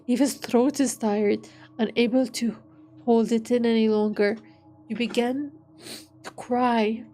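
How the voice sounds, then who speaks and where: A woman's voice: a little high, fairly even intonation, slow, pauses often, a little mellow, slight background noise. A woman streamer reading an interactive story aloud, stumbling over words and breaking off with joking asides.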